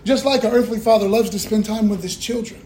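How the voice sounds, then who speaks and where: Male pastor, high voice, folksy call-and-response sermon, echoey church with faint hiss. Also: steady tone, fast, dark tone. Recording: echoey room, faint room noise.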